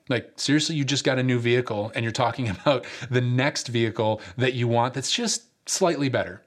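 A man's voice: mid-range voice, a little fast, few pauses. Conversational man preaching with fillers. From upstate New York. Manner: conversational storytelling with frequent "uh" fillers; rhetorical repeated questions. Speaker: pastor. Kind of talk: sermon.

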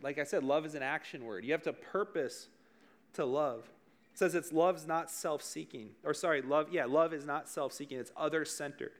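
Joking youth pastor, slightly high voice. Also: male voice, brisk. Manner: joking, conversational, addresses the room directly. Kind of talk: casual youth sermon.

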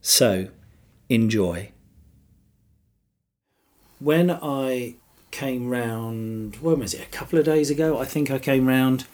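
A man hosting a podcast, introducing a bedside chat and gently asking questions from the foot of the bed. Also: medium pitch, takes it slowly, long pauses. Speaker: podcast host. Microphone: microphone at the foot of the bed.

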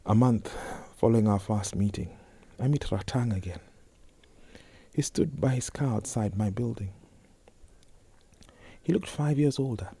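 A young man telling a personal story in a slow, intense spoken-word reading, often sinking to a whisper. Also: medium pitch, warm tone, breathy edge. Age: young adult.

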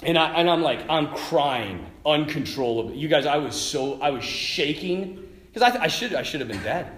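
A priest giving a sermon, telling a personal story in a lively way, laughing and restarting his sentences. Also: fairly high pitch, normal speed, echoey room. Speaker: priest, vocation director.

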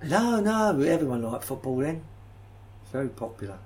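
A bumbling old ex-footballer from London, as a man puts him on, with an accent that slips under a mock-posh polish. He stumbles and repeats himself with dry understatement, at an ordinary middle pitch. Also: sing-song, moderate pace, darkish tone. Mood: deadpan. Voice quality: slightly put-on posh voice. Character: elderly male retired London footballer, bumbling. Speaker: guest. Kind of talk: improvised comic character interview.

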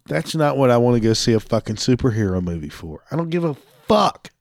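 Male host, angry profane rant, dry close sound, middle pitch. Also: very animated, a little fast, vocal fry, no echo. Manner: angry, swearing heavily, laughing between lines.

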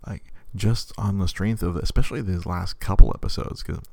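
A man in his thirties hosts a casual podcast chat, his voice low and deep with a gravelly, creaky edge. He rambles, restarts his sentences and stammers over them, and laughs often. The sound is close and dry. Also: moderate pace, darkish tone, dry recording.

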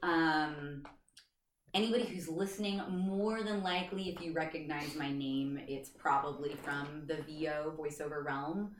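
Easygoing lower-voiced woman guest, distant echoey mic. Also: steady tone, unhurried, slight background noise. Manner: easygoing, laughs easily, frequent "um"s. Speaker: guest, voice actor. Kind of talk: casual chat.

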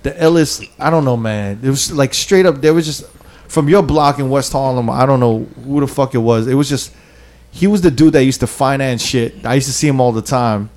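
A man's voice: mid-range voice, a little fast, darkish tone. A young man telling a rambling, slang-filled story to friends and acting out the people in it. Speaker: podcast co-host telling a story. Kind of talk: casual storytelling among friends.

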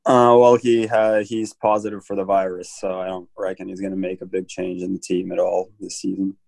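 A man's voice: deep voice, level tone, fairly quick, creaky, a little mellow, dry recording, low-quality recording. A man speaking as a panelist on a sports show, hesitant with fillers.

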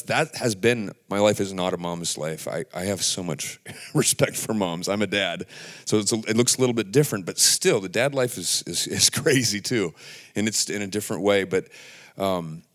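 A man giving an earnest, casual devotional talk, halting and full of restarts, sometimes dropping to a hushed near-whisper. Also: fairly low pitch, expressive. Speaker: Christian speaker.

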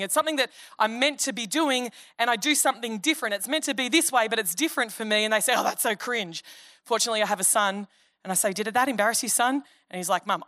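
Bright high-voiced Australian woman preaching. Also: dry recording, studio quality. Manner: chatty, humorous, acts out quoted voices. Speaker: pastor. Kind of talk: sermon.

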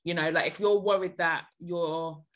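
A woman's voice: on the low side, steady tone, normal speed. A woman hosting a podcast, giving blunt, emphatic advice in casual chat.

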